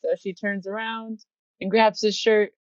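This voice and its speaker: A woman's voice: medium pitch, flat delivery, a little slow, no room sound, muffled recording. A woman co-hosting a casual podcast, giggling as she retells scenes and acts out the characters' lines. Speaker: podcast co-host. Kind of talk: casual anime recap chat.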